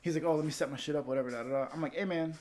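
A man telling a long casual story, rambling, swearing, and acting out quotes in higher voices. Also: fairly even intonation, racing, a little mellow.

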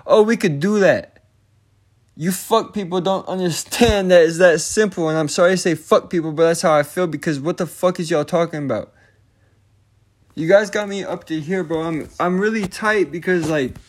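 A young man in a casual, profane rant, frustrated and firing off rhetorical questions in slangy talk. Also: high voice.

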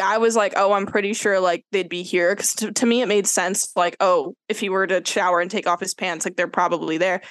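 With a mid-range voice and no echo, a young female podcast co-host chats casually about a dating experience. She tells it with animation, leaning on "like" as filler and performing the quotes.

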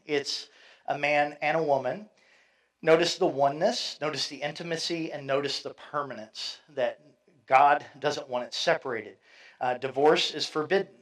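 A man's voice: on the high side, low-quality recording. A middle-aged man preaching a sermon in a conversational way, with fillers and asides, reading scripture aloud. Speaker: pastor.

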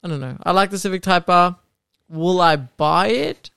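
A man's voice: sits high, moderate pace, vocal fry, pushed and bright, clear, resonant tone, no room sound, studio quality. A young man co-hosting a casual car podcast, opinionated and laughing often, trailing off with ums. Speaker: podcast co-host. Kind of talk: casual chat.

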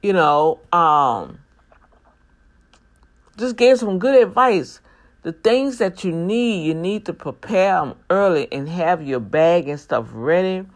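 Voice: medium pitch, lively intonation, slow. A vlogger talking casually to regular viewers, emphatic and preachy, with prayerful asides. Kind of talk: casual monologue with urgent warnings.

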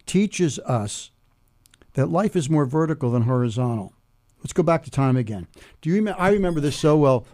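A man in his seventies explaining humor in conversation and telling a joke slowly, step by step, with pauses. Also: on the high side. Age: 70s. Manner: animated, builds jokes slowly with pauses.

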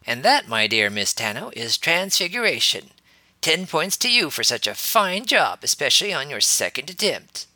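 A man's voice: lowish voice, very animated, brisk, pushed and bright, no echo, full character voice. A man voicing a playful, teasing young male wizard teacher, amused as he explains. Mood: snooty mock.

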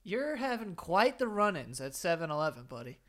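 A man's voice: high voice, big pitch swings, fairly quick, a bit bright. A man co-hosting a podcast, giving dry, joking replies in casual chat. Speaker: podcast co-host.

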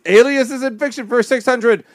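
A man's voice: extremely high pitch, moderate pace, dry recording, studio quality. A man hosting a podcast quiz game, joking dryly between clues and laughing often. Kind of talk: casual banter, quizmaster.

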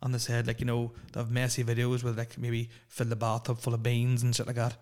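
Young lad, mid-pitched, hosting a loose solo podcast full of swearing and jokes. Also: male voice, completely flat delivery, a little fast, darkish tone. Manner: rambling, profane and jokey. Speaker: podcast host. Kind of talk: casual solo podcast chat.

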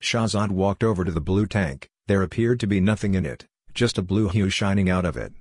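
A man narrating a science-fiction story in plain, even scripted narration. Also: sits low, brisk, no room sound, studio quality.

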